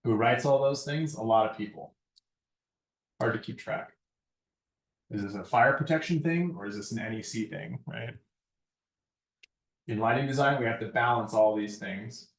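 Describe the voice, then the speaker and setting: A man in a mid-range voice lectures a class on lighting design at normal speed, pausing often. He stays conversational and keeps tagging on a questioning "right?" The recording comes from an echoey room, well away from the mic.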